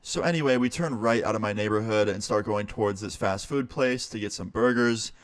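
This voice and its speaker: A man's voice: lowish voice, fairly quick, dry recording, studio quality. A young man, a streamer, casually telling a story and swearing now and then. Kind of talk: storytime narration.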